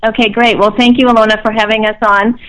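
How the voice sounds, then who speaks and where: A woman's voice: fairly high pitch, little pitch movement, quick pace, fairly bright tone, clean tone, poor audio. A woman calling in as a charity chapter president, organized as she leads the questions. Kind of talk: phone interview.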